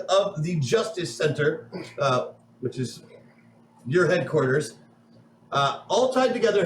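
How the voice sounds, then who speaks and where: A man's voice: high-pitched, reverberant, slight background noise, poor audio. A man narrating a tabletop game as game master in a playful, rambling way.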